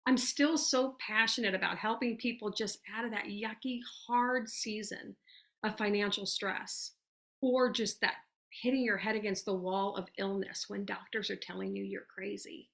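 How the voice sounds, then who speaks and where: Woman doing a team pep talk, bright voice, folksy, lots of "you guys". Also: steady tone, normal speed, gravelly. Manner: chatty and earnest, folksy "you guys" and "y'all"; acts out sample messages in a soft, lowered voice. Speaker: network marketing speaker. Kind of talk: motivational team call talk.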